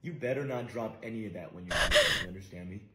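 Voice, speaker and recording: A man's voice: on the low side, fast, very noisy. A man playing an incredulous husband in a comedy clip, exasperated over a purchase. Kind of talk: comedy sketch. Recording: echoey room.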